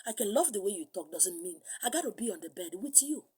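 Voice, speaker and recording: Husky Nigerian woman preaching animatedly. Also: mid-range voice, quick pace. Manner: animated, mixes in pidgin and acted voices. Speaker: spiritual teacher. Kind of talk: sermon.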